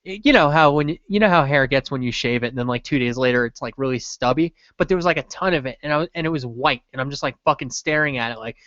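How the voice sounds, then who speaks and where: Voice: medium pitch, fast, few pauses, fairly bright tone, dry recording. Crude joking podcast co-host, dry muffled audio. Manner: crude, joking, rambling with fillers. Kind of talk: casual chat, storytelling.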